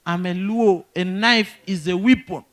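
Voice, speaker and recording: A young man from northern Uganda, speaking with a Ugandan accent, performs stand-up comedy. His voice sits high for a man. He tells his stories in a quick, animated way and keeps turning to the audience with questions. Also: a little hiss or hum. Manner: animated, quick storytelling with crowd asides.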